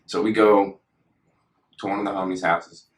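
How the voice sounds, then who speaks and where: A man's voice: deep voice, level tone, normal speed. A young man telling stories in a casual, slangy way, laughing as he goes. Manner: laid-back, slangy, laughs through stories. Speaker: podcast guest. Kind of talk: casual storytelling. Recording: echoey room.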